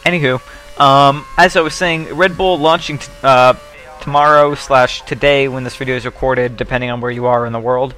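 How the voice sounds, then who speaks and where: A man's voice: mid-range voice, fairly even intonation, normal speed, sharp tone, soft background music. A young man giving casual, rambling commentary over a racing video game, joking and swearing as he goes. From United States.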